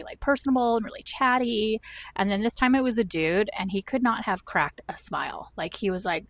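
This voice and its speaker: A woman's voice: fairly low pitch, a bit bright, no echo. A woman in her thirties, raised in the American South, chatting to camera at home in a rambling, self-deprecating way. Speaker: vlogger. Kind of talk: chatty talk-to-camera vlog.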